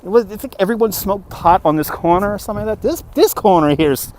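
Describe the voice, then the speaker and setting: A chatty man from New York City streams a walking tour from his phone, answering viewer comments with easy jokes. His voice sits a little on the high side, and faint traffic hums behind him on the street. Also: animated, fast talker, a little mellow. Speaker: livestream host. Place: outdoors on a city street at dusk. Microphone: phone on a handheld gimbal. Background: traffic and street ambience.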